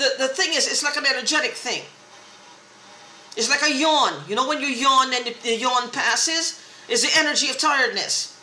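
A woman's voice: sits high, pushed and bright, echoey room, a little hiss or hum. A woman in an angry, profane, repetitive rant, talking straight to the camera. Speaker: vlogger. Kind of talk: agitated monologue to camera.

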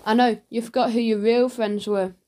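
A woman's voice: fairly high pitch, flat delivery, moderate pace, mellow, close to an everyday voice. A woman reading an audiobook, voicing a hurt, defiant schoolboy with curt, sulky replies.

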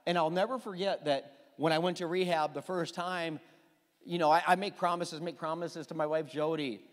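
A middle-aged man preaching a sermon as pastor, telling the story with lively restarts and repeated words. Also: fairly high pitch, normal speed, big-room sound. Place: church hall.

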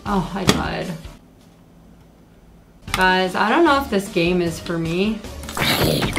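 A young woman giving casual, excitable commentary while playing a video game for the first time, yelping at enemies. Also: mid-range voice, slow, gravelly, long pauses, over music. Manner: excitable, yelps and scolds at enemies. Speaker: gaming creator. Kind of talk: casual let's play commentary.

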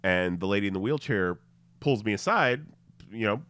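Animated man telling a story. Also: on the low side, moderate pace, smooth, no echo. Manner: animated storyteller, swearing, laughing at own story. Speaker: podcast host. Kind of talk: casual storytelling chat.

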